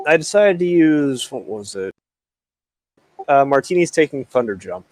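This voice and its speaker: A man's voice: mid-range voice, sing-song, measured pace, no echo, clean studio sound. A man playing a tabletop game who asks the others questions about the rules. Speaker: player. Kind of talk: casual game chat.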